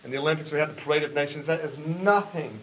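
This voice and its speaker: A man's voice: fairly high pitch, very fast, fairly bright tone, a little hiss or hum, poor audio. An American man speaking earnestly at a church mission presentation, rambling a little with fillers and restarts. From United States.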